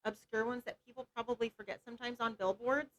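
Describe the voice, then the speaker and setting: A woman's voice: fairly high pitch, fairly even intonation, fast talker, dull audio. Easygoing woman in casual podcast chat. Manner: easygoing, conversational. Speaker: podcast guest.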